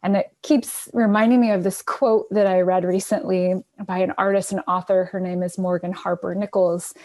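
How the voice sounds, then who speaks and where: A woman's voice: fairly low pitch, level tone, normal speed, darkish tone. A woman sharing candid, thoughtful reflections in a podcast conversation. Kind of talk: conversational discussion.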